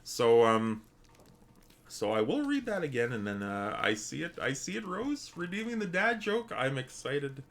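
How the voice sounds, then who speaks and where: A man's voice: medium pitch, big pitch swings, a little slow, a bit bright. A man streaming a game, chatting casually with viewers in a rambling, hesitant way with many restarts. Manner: chatty with viewers, reads chat aloud. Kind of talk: casual live-stream chat.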